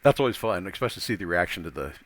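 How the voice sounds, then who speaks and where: A man's voice: deep voice, expressive, very fast. A man hosting an interview podcast, asking short, upbeat questions. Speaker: podcast host. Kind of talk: casual interview.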